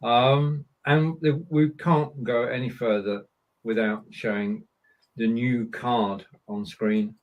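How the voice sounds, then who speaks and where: A man's voice: mid-range voice, steady tone, takes it slowly, lo-fi sound. A man hosting a casual chat show, chatty and a little hesitant as he tries out German sentences. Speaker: podcast host. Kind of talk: casual chat, language lesson.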